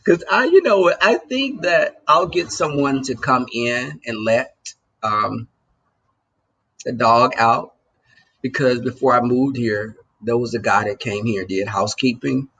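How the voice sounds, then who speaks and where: Gravelly, bright-voiced man chatting with viewers. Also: medium pitch, measured pace, a little hiss or hum. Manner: loose and joking, talks straight to the chat. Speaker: livestream host. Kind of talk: casual chat with live viewers.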